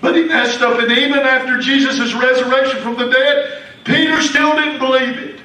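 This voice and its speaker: High-voiced Southern preacher in an echoey church. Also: male voice, steady tone, moderate pace. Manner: preaching with sudden loud outbursts. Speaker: pastor. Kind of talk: sermon. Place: church sanctuary. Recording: echoey church hall, distant mic.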